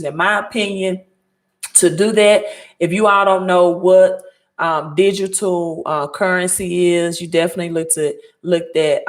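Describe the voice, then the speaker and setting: A woman's voice: fairly low pitch, roomy sound. A woman with a Southern Mississippi accent hosting a casual livestream, chatting loosely and reading out viewer comments as she thinks aloud. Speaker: credit advice host.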